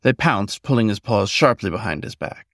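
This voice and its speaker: Man with a gravelly low reading voice. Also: animated, fairly bright tone, no room sound, studio quality. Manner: measured storytelling. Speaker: narrator. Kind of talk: scripted story narration.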